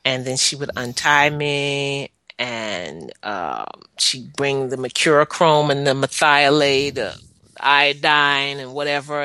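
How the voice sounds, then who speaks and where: A woman giving a personal testimony about her past, speaking earnestly and halting often with pauses as she recalls each moment. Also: very deep voice, pushed and bright. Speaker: guest sharing her life story.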